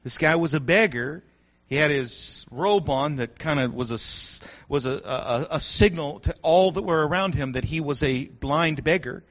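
Animated preacher with a bright, high voice. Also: male voice, normal speed. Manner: animated, builds to shouting, joking asides. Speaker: pastor. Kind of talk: sermon. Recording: dull lo-fi sound.

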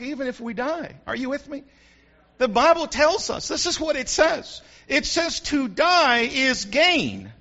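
A man preaching a sermon as a pastor, building to shouts and calling out to the congregation. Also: extremely high pitch. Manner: preaching with rising shouts and call-and-response. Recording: dull lo-fi recording.

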